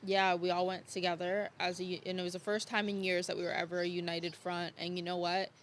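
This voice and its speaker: A woman's voice: fairly low pitch, level tone, brisk, a little hiss or hum. A young woman guest on a podcast, telling her story frankly and casually, swearing freely and laughing off hard memories. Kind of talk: candid conversational storytelling.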